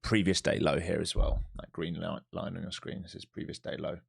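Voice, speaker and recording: Low gravelly man. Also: flat delivery, brisk. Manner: thinks aloud to viewers while watching charts, blunt and profane. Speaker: live-streaming day trader. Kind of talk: live trading commentary.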